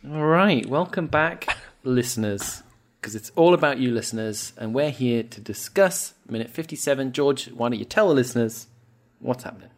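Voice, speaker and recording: A man's voice: medium pitch, lively intonation. A man hosting a podcast in casual chat, joking and teasing his guests. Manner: joking, teasing, quick to laugh. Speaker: podcast host.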